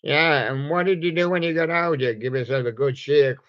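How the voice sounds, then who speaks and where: A man's voice: on the high side, moderate pace. A man hosting a live radio show in a meandering, mumbling way, chatting to toy guests on a dull, lo-fi recording. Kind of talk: rambling live radio chat.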